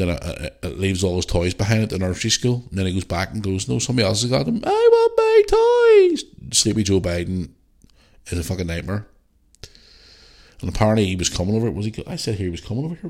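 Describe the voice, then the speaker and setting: Still sniffly as he recovers from the flu, this Northern Irish podcast host talks in a lowish, gravelly voice with a Northern Irish accent. Running the show solo and casually, he's blunt, opinionated and quick to swear.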